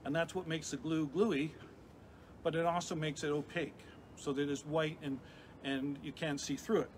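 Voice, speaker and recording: A middle-aged chemistry professor with a fairly high voice leads a lively live science demonstration for kids, talking as he works and restarting his sentences. He speaks at a normal speed, and a steady noisy hiss runs beneath the recording.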